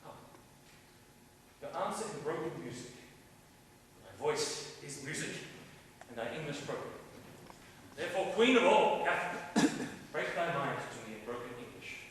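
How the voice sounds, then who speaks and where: A man's voice: fairly high pitch, sing-song, normal speed, pauses often, slight background noise. An actor playing a bluff, playful young English king wooing a French princess, in a teasing, declamatory classical stage delivery. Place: large indoor theater stage. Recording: distant stage sound in an echoing theater.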